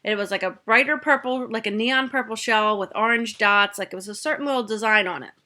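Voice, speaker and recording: A woman's voice: fairly high pitch, fairly quick, pushed and bright. A young woman, a mother, chatting through a family story in a casual storytime, with plenty of fillers and acted-out quotes.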